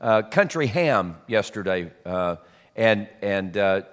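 A man's voice: on the low side, lively intonation, slow, fairly bright tone. A man preaching a conversational sermon as pastor, folksy and chatty with self-deprecating asides, in a church sanctuary. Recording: long hall reverb.

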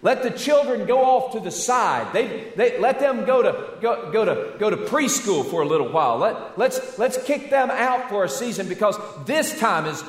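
A Southern American pastor voicing selfish disciples in a whiny, insistent, stammering voice. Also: male voice, sits high, expressive, moderate pace, few pauses, voice pushed up. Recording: echoey church hall.

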